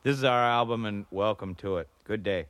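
An actor playing a goofy, teasing Canadian hoser brother on a comedy album, joking in a Canadian accent. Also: male voice, on the low side, fairly quick, fairly bright tone, no echo, natural voice. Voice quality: teasing, goofy, laughs at his own jokes. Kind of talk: improvised comedy album sketch.

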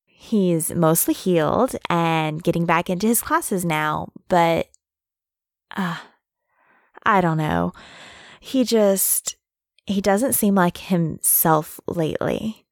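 Brief: woman as relaxed young neighbor, lowish voice, unhurried, dry sound. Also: no echo. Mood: easygoing. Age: young adult. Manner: easygoing, friendly, casual. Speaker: dorm neighbor.

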